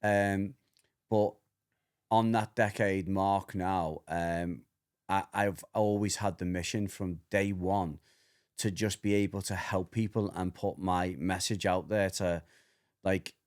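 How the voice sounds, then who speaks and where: A middle-aged man chats loosely on a podcast. His voice sits a little low. He rambles, stumbles over his words and laughs easily. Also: takes it slowly. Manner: rambling, animated, repeats words, laughs often. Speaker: podcast co-host, dog trainer. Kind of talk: casual chat.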